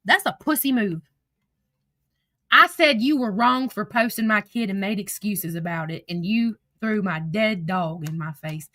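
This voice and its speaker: A woman's voice: mid-range voice, measured pace, sharp tone, no room sound, studio quality. A woman hosting a livestream, ranting angrily and emotionally with lots of swearing and repetition into a phone. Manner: angry, profane, emotional, repeats herself. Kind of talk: heated livestream rant.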